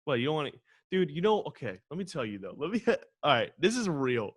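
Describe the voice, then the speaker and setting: A man co-hosting a podcast in casual chat, excitable and ranting, swearing freely. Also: a little high, fast talker, breathy edge. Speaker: podcast co-host.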